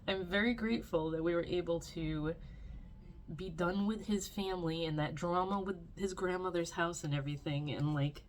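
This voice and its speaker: A woman's voice: lowish voice, normal speed, slight background noise. A young adult woman vlogging at home, rambling and complaining in a casual diary style with lots of filler words.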